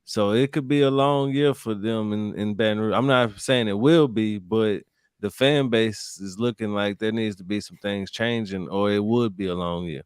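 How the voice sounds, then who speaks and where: A man on a sports podcast giving measured, thoughtful commentary on a team's season. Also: fairly low pitch, clear, resonant tone, no echo, studio quality. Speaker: guest or co-host. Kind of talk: casual sports chat.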